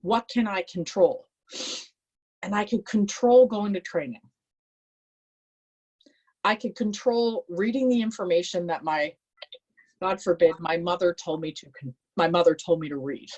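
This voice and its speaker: Woman telling a lively personal story. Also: on the low side, moderate pace, long pauses, dull audio. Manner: animated, acts out quoted voices. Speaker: motivational speaker.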